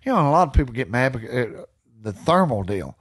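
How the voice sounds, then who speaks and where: A middle-aged man with a drawl tells old hunting stories with plenty of energy. His voice sits at an ordinary pitch, and he talks loosely, dropping cuss words as he goes. It is relaxed, unscripted podcast chat. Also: fast talker, breathy edge. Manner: energetic storyteller who swears freely. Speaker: podcast guest. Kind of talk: casual storytelling chat.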